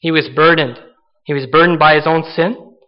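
A man's voice: a little high, steady tone, moderate pace, lo-fi sound. A man preaching an earnest sermon, acting out the voices of the people in the stories he tells. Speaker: pastor.

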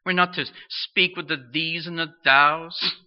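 A man preaching a sermon in an earnest, questioning way, pausing between phrases. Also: on the high side, steady tone. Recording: dull lo-fi sound.

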